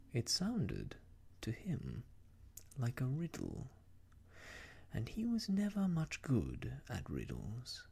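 A man reading a children's story aloud as an ASMR storyteller, in a soft, halting whisper. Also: lowish voice. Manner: soft, halting, breathy phrasing.

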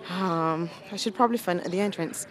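Walking through a crowded church interior with her phone in hand, a young woman student reporter records a casual, self-mocking vlog. She speaks at a normal speed in a lowish voice. Visitors fill the background of the phone audio.

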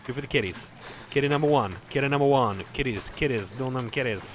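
A gaming streamer with a medium-pitched voice talks quickly over live horror gameplay, a little hiss or hum under the audio. He's tipsy and out of breath, jumpy at every scare, yelping and swearing, then tossing out jokes in between.

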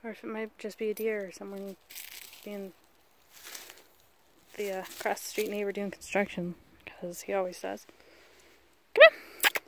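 Out in the rural woods, a woman from the American South vlogs casually while walking her dog, slipping into baby talk to coax it along. She speaks at a normal speed in a flat, medium-pitched voice, pausing often, with slight background noise.

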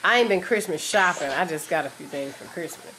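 A woman's voice: low voice, lively intonation, brisk, a bit bright, slight background noise. A woman with a Texan accent, chatting at home in a playful, teasing vlog style and laughing often. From Texas. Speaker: vlogger. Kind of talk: casual family chat.

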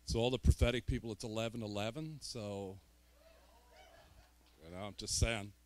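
A man's voice: lowish voice, steady tone, moderate pace, a little hiss or hum. A man from Northern Ireland with a Northern Irish accent, a guest preacher opening his sermon with joking, self-deprecating asides in a church. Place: church sanctuary.

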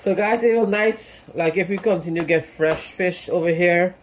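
A man with a high voice for a man talks to his viewers in a relaxed, chatty way while he cooks. He sounds set back from the mic in a roomy home kitchen, with faint frying sizzle behind him. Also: moderate pace, recorded from a distance, slight background noise. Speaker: cooking vlogger. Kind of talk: casual cooking demonstration.

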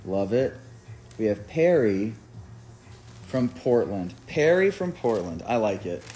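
This musician's merch live on his phone has soft background music under a lowish, sing-song voice that's slow and mellow. He chats in a rambling, filler-heavy way full of "like," calling out viewers' names and hometowns.

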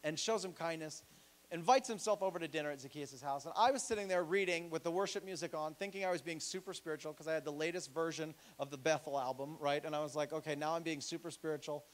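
Guy pastor preaching in church, lively and jokey, kinda high voice, plays out the voices he quotes. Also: fast. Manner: animated and joking, acts out quoted voices. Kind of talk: sermon.

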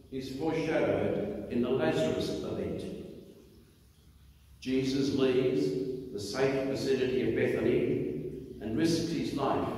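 A man, a priest, reading the gospel and giving a homily in a slow, measured way. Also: mid-range voice, mellow. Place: church. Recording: echoey church hall from far off.

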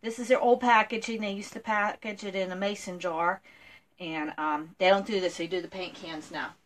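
A woman's voice: medium pitch, steady tone, normal speed. A woman chatting casually through a furniture painting how-to, with lots of ums. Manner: chatty, lots of ums, talks to her dog. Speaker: furniture makeover vlogger.

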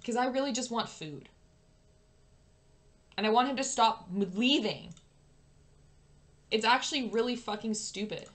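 A woman's voice: on the high side, animated, a little slow, pauses often, a bit bright. Swearing, ranting young woman gamer. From Canada. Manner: swears a lot, rants at the game in exasperation. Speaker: gaming YouTuber. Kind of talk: casual gameplay commentary.

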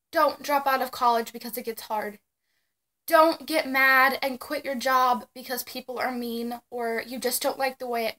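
Young woman, late teens, vlogger; high, sharp tone, excitable and outspoken. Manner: gushing, excitable, blunt with mild swearing. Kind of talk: casual emotional address to camera.

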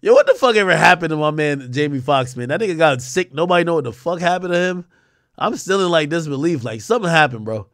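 A man's voice: fairly high pitch, expressive, fast, fairly bright tone, no echo, clean studio sound. A man hosting a stream, giving blunt, profane reaction commentary. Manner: blunt, profane, chuckling asides. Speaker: streamer host.

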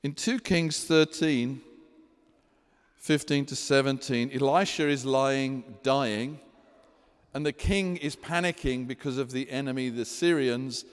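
A man preaching a sermon as a pastor, lively and animated, acting out scripture scenes. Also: medium pitch, unhurried, smooth, long reverb tail. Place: church hall.

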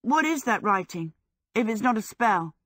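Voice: medium pitch, very animated, moderate pace, fairly bright tone, no echo, voice pushed up. A woman voicing an eager young male apprentice in a storybook reading. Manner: eager, willing.

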